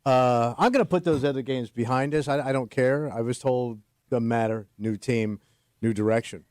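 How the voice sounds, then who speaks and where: A man's voice: medium pitch, moderate pace, a little mellow, clear, resonant tone, no echo. A man co-hosting a morning radio show, making dry wisecracks and giving sports picks. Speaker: radio co-host.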